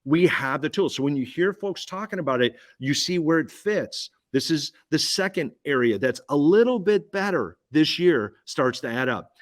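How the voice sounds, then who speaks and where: A man's voice: a little high, lively intonation, normal speed, few pauses. Guy hammering his points home at a roundtable, repeats stuff, keeps asking you questions. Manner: punchy, repeats key phrases, asks listener questions. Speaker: guest speaker. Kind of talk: energetic pitch at a business roundtable.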